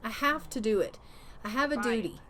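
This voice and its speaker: A woman's voice: fairly high pitch, brisk, crowd noise, close to an everyday voice. A woman voicing a passionate young husband set on doing his duty, loving toward his wife.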